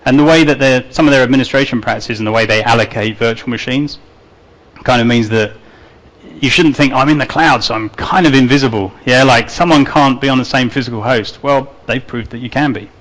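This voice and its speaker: A man's voice: mid-range voice, fairly quick, fairly bright tone, low-quality recording. A man giving a conference talk to a live audience, chatty and loose with fillers and restarts, with an accent he calls his own. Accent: non-native English accent. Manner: conversational, many fillers and restarts. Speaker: conference speaker.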